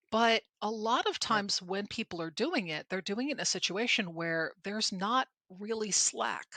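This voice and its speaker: A woman's voice: medium pitch, sharp tone, no room sound. A middle-aged woman co-hosting a podcast about presenting, talking in a candid, emphatic, self-deprecating way. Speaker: podcast co-host and presentation trainer. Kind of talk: conversational podcast chat.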